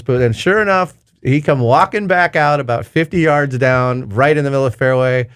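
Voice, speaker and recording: A man co-hosting a golf radio talk show, telling stories in casual banter, laughing often and breaking into high exclamations. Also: lively intonation, brisk, clear, resonant tone.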